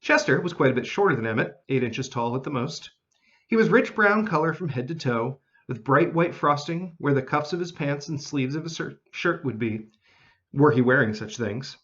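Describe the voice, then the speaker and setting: A man narrating a children's storybook in an expressive, animated reading style. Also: a little high, moderate pace, lo-fi sound.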